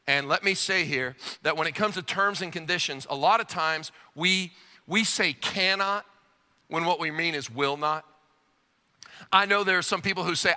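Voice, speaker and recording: Animated preacher man in a reverberant hall. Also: a little high. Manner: animated, acts out quoted voices, emphatic. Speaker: pastor. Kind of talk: sermon.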